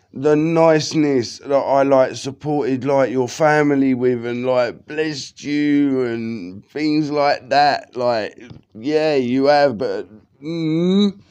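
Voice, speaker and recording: A man's voice: mid-range voice, darkish tone, clear, resonant tone, muffled recording. A man, rambling through a personal monologue full of swearing and fillers. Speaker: vlogger.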